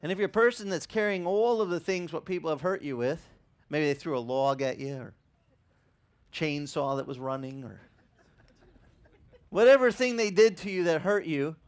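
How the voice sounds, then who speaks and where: Animated male pastor, slightly high voice. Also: moderate pace. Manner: animated storytelling that acts out dialogue. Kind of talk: sermon.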